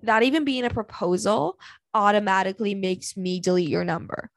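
This podcast host, a young woman, vents bluntly and profanely about what annoys her in dating, with plenty of dramatic sighs. She speaks briskly in a medium-pitched voice marked by vocal fry. There is no echo on the recording.

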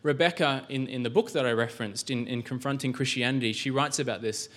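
A man's voice: medium pitch, fast talker, a bit bright. A male pastor giving a sermon in a church, conversational, with rhetorical questions and frequent restarts.

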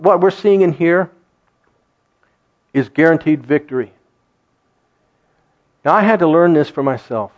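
Male pastor, animated sermon delivery, lively intonation, dull recording. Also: on the high side. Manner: animated preaching, acts out quoted voices, laughs often.

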